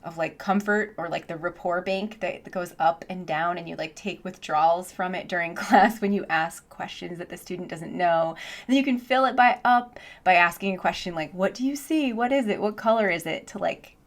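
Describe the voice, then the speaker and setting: A woman teaching English online, chatting casually in a vlog with lots of "like" and easy laughter, speaking into a boom headset mic from her home office. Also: moderate pace. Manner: chatty, says "like" often, laughs easily.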